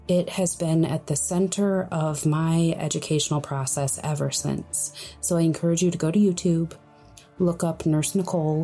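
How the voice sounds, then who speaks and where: Hushed breathy woman podcaster. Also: deep voice. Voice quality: breathy, quiet. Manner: hushed, soft-spoken, friendly. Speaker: podcast host. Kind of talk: solo podcast advice.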